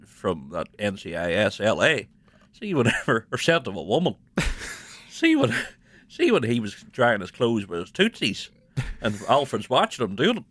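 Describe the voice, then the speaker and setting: Animated Northern Irish man, deep-ish voice. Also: normal speed, no room sound. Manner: animated, swearing banter. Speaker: guest filmmaker. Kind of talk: casual chat.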